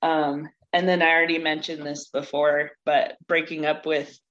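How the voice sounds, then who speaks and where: A woman guesting on a casual podcast, speaking hesitantly with many pauses and fillers. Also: low voice, flat delivery, fairly bright tone, highs cut off. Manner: slow, hesitant, many ums.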